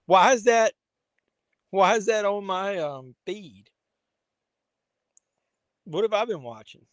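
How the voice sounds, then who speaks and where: Man, live stream host, casual rambling chat, fairly high voice, dry close sound. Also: animated, takes it slowly, no room sound. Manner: rambling, talks to viewers and his pet.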